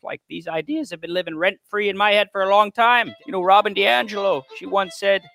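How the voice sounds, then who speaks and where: A man's voice: high-pitched, fairly even intonation, a little fast, vocal fry, bright, forceful tone, full character voice. A man playing a smug lecturer in a sarcastic comedy sketch parody. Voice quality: mock-earnest, sarcastic lecturing.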